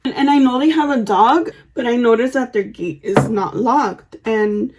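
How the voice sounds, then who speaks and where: A woman's voice: on the high side, moderate pace, background noise. Chatty young woman, swearing storyteller. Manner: chatty, swears freely, lots of fillers and asides. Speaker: vlogger. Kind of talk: get-ready-with-me storytelling.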